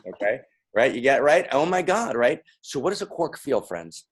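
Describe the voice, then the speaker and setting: A man's voice: mid-range voice, sing-song, moderate pace, slightly rough. A man giving a playful, interactive talk to a live audience, calling out to them and repeating lines. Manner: playful, repetitive, calling out to the crowd. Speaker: speaker.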